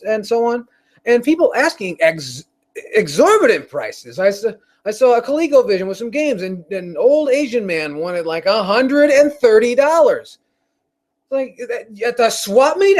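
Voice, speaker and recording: A man hosting his own show, ranting in a rambling, profane way with frequent restarts. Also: extremely high pitch. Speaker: show host. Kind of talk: casual rant on a live stream.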